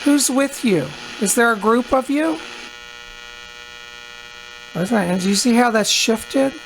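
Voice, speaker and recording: A woman with a slightly high voice acts as a psychic medium, leading a radio seance. She coaxes and questions unseen presences, repeating her prompts patiently. A clear electrical mains hum and static run beneath her voice throughout. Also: animated, slow.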